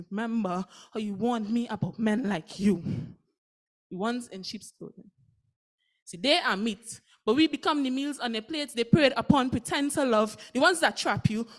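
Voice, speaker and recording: A woman performing a spoken word poem with an intense, dramatic delivery. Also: a little high. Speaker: slam poet.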